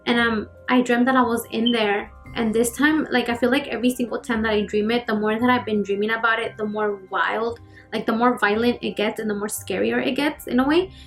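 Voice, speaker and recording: A woman's voice: a little high, steady tone, a little fast. Chatty young woman telling a spooky story. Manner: chatty, many fillers, acts out the scenes. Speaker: YouTuber. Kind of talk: casual storytelling while getting ready. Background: faint background music.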